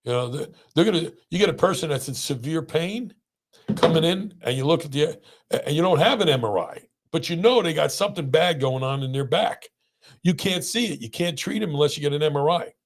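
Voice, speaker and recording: This middle-aged man, a pain doctor with a podcast, shares stories in relaxed conversation, animatedly performing the people he quotes. His voice is fairly high and he talks fairly quickly.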